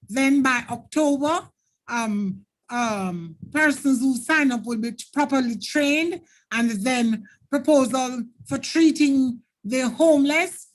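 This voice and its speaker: A Jamaican woman teacher running a live online exam-prep lesson, explaining patiently and thanking viewers by name. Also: fairly high pitch.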